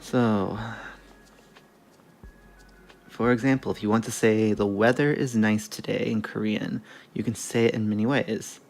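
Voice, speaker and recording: Male streamer, low gravelly voice, unhurried thinking-aloud delivery with casual swearing. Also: fairly even intonation, a little mellow, faint music behind. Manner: muttering, self-correcting, swears casually.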